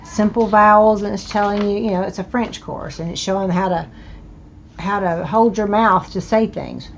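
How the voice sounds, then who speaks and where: A woman's voice: medium pitch, normal speed, creaky, dull audio, slight background noise. An older woman with a Southern US accent, hosting a casual thrift-haul video and chatting with delighted exclamations over her finds. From American South. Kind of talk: casual show-and-tell.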